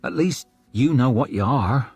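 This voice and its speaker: A man's voice: medium pitch, expressive, measured pace, a little mellow, husky, no echo, faint music behind. A man voicing a blunt, earthy young northern woman with a dry, teasing way of talking. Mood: wry. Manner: dry, teasing, plain-spoken.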